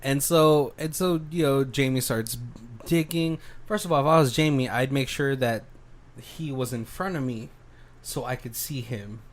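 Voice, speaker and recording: A man's voice: mid-range voice, moderate pace. A man co-hosting a podcast, casually recapping a horror film and acting out the characters' lines. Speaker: podcast co-host.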